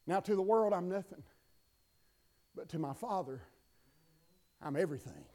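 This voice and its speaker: Man, pastor, very high voice, sermon, scripture readings, loud proclamations and quiet asides. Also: lively intonation, normal speed.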